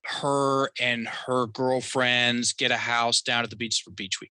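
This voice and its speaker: A man with a very bright, forceful voice tells a personal story as a podcast guest. He is animated and acts out the voices of the people in his story, recorded dry and close. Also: mid-range voice, a little slow, clear, resonant tone, dry recording. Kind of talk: storytelling in a conversational interview.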